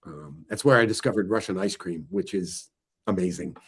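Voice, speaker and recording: A middle-aged man chatting casually about his book, telling stories in a lively way with filler words. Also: sits low, moderate pace, slightly rough. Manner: animated storyteller, voices quoted people loudly. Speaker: author discussing his book. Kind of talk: casual storytelling chat.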